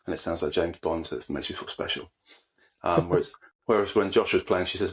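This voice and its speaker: Fast-talking man, low voice. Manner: chatty, easygoing explainer. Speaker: podcast co-host. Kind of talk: casual chat.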